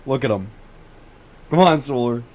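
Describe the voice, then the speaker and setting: At normal speed and medium pitch, a teen boy livestreams to his chat while chasing storms. His casual talk is full of swearing, pleading, and endless repetition, punctuated by excitable outbursts when he catches sight of something.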